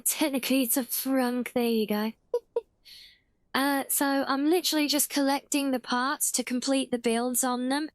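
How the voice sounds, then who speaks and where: A British woman, half English and half Welsh, streams a game live in a slightly high voice with no room sound. She chats casually, often correcting herself mid-sentence and replying to her chat.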